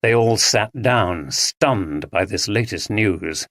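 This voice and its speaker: A narrator reading a drama audiobook in an even, measured way, close to the mic. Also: deep voice, no room sound.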